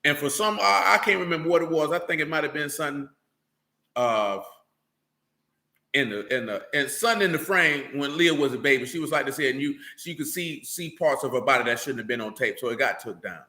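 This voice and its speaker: Man, informal sermon, blunt and emphatic, high voice, bright tone. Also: expressive, a little fast, reverberant. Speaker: religious teacher.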